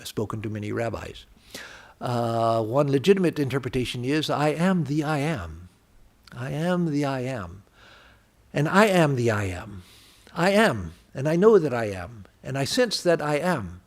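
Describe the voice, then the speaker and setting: An older man giving a spiritual talk in a temple, speaking slowly and measuredly, with frequent hesitant fillers. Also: mid-range voice. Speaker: visiting swami giving a talk. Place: temple hall.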